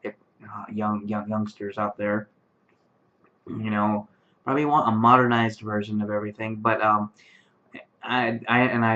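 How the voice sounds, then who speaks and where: A sleepy man in his late twenties rambles to his webcam from his bedroom, full of ums and restarts. His voice sits fairly low. The built-in webcam mic makes it sound muffled and lo-fi. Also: a bit bright. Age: late 20s. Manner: rambling, many fillers and restarts. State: tired, yawning late at night. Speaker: vlogger. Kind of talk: casual talk to camera. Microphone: webcam microphone.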